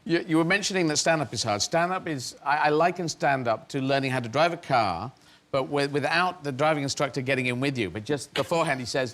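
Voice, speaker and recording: A middle-aged man from England tells his stories in a rambling, self-mocking way, often laughing through his words. His voice sits a bit high for a man. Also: brisk, a bit bright. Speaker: interview guest, comedian. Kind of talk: anecdotal storytelling.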